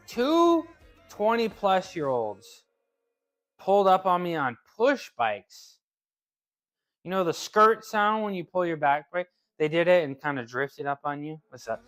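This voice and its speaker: A man's voice: high-pitched, fairly bright tone. A man chatting casually with his live-stream viewers as he trains, laughing easily and often restarting his phrases. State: working out. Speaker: streamer reading chat.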